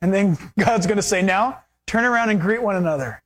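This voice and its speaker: Brief: male pastor, sermon delivery, lively and animated, acts out dialogue. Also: high voice, brisk. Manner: animated, acts out quoted voices with laughter.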